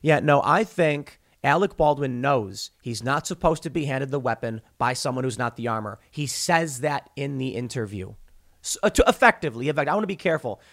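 A man's voice: medium pitch, a little fast. A man hosting a political commentary show, talking opinionatedly with frequent restarts and mocking quotes. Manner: animated, stumbling restarts, mocking put-on quotes.

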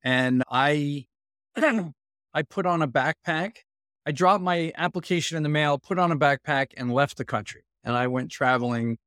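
Man, 50s, interview guest; lively anecdotal storyteller, mid voice, dry close sound. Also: medium pitch, smooth, dry recording. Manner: lively storyteller who acts out quoted dialogue. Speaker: guest, executive consultancy founder.

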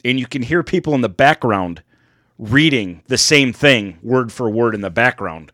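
American dude on a podcast, swears a lot, sarcastic, dry close sound. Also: male voice, mid-range voice, expressive, moderate pace, fairly bright tone, no echo. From United States. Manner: profane, sarcastic storyteller. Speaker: podcast co-host. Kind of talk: casual chat.

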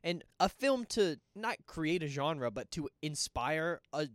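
A man's voice: on the high side, a little slow, dry recording, clean studio sound. A young man co-hosting a horror movie podcast, chatting casually and swearing freely. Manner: animated, swearing, easily spooked, laughing. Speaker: podcast co-host. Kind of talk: casual movie review chat.

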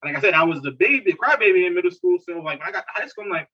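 A man from Newark, telling animated stories in slangy casual chat and laughing often. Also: high-pitched, rapid-fire, husky. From Newark, New Jersey. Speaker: podcast co-host. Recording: distant, dull lo-fi mic.

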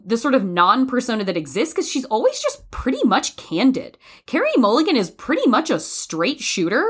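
A woman co-hosting a film talk show in a loose, conversational way. Her voice leaps high and drops low whenever she acts out lines from a scene. She sounds lively and expressive throughout. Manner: animated, acts out quoted lines with big pitch swings. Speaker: podcast co-host. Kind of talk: casual film discussion.

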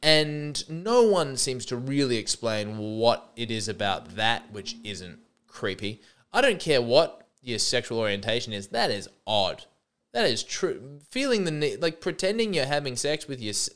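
A man's voice: mid-range voice, sing-song, a little slow, a bit bright. A man hosting a comedy podcast, speaking in a mock-earnest, rambling way with frequent restarts. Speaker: podcast host.

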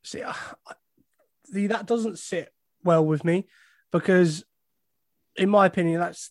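A man's voice: sits high, no echo, studio quality. A man co-hosting a casual football podcast, blunt and opinionated with a wry edge. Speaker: podcast co-host.

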